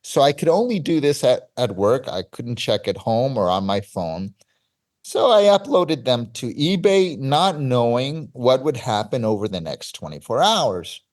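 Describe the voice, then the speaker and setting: A man, telling a story as an interview guest with excited, stop-start energy. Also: medium pitch, measured pace. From Cyprus. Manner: animated, excitable, with frequent restarts and laughs.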